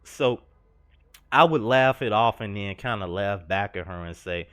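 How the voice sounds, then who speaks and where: A man's voice: on the low side, fairly even intonation, a little slow, a bit bright, smooth. A young man telling a personal story over gameplay, earnest and confessional, slangy and rambling. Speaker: gaming vlogger.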